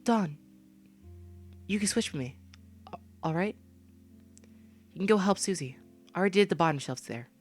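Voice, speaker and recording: A woman's voice: fairly low pitch, expressive, normal speed, pauses often, soft background music, pitched above the performer's own voice. A man voicing a shy, sweet young woman coworker who stammers timidly, reading a game aloud. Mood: gentle.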